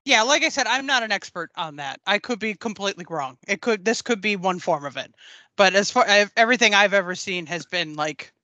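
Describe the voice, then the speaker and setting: A woman co-hosting a podcast in casual chat, joking wryly and deadpan and swearing casually. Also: mid-range voice, fairly quick, dry recording. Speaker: podcast co-host.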